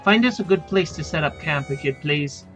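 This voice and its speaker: A man's voice: fairly high pitch, expressive, normal speed, a bit bright, faint music behind. A man voicing a stern, practical female ship captain giving orders to her crew in a tabletop game. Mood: commanding. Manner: firm, commanding orders to the crew.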